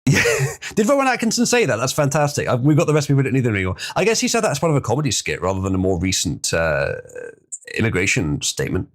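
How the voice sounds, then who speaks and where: A man's voice: medium pitch, wildly swooping pitch, fast talker. A man hosting a live stream, chatting casually and reading viewer comments, rambling and opinionated with frequent ums. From Britain.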